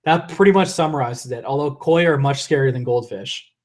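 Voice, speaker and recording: This young man's medium-pitched voice runs a little fast as he chats casually on a live stream, reading viewer comments. He keeps laughing, rambling, and restarting sentences while his voice gives out.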